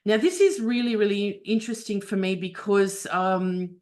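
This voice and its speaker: A woman's voice: medium pitch, fairly even intonation, normal speed, darkish tone. A woman teaching astrology in a webinar, explaining a chart step by step with frequent fillers and restarts over a video call.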